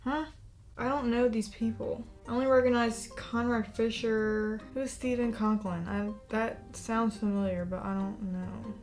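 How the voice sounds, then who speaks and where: Slow, sarcastic young woman. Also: on the high side, faint music behind. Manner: blunt, sarcastic, deadpan. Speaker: YouTuber. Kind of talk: casual chat while role-playing with chatbots.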